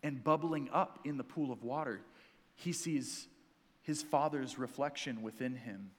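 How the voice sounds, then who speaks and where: A young adult man preaching a sermon as a pastor, energetic and joking with the congregation. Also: medium pitch, measured pace, big-room sound.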